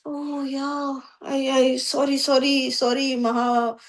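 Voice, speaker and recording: A woman voicing an excitable male sage who stammers out his apologies. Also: high voice, takes it slowly. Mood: flustered. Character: ecstatic, flustered male sage.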